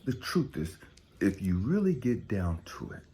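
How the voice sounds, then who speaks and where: A man giving a blunt, profane motivational monologue as a spiritual coach, dropping to hushed whispers and then rising to loud outbursts. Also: fairly low pitch, sing-song, moderate pace, a little hiss or hum.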